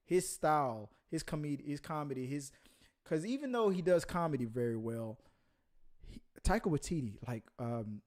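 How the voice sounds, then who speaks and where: A man's voice: fairly high pitch, lively intonation, normal speed. A man co-hosting a casual movie news show, rambling with many fillers and restarts. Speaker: podcast co-host.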